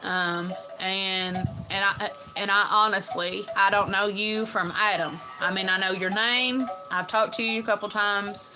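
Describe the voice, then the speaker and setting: A woman's voice: mid-range voice, steady tone, measured pace, hardly any pauses, over music, poor audio. A woman talking casually on her own livestream, rambling and earnest with many ums and restarts. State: tearful at times. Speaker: livestream host. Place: farm home.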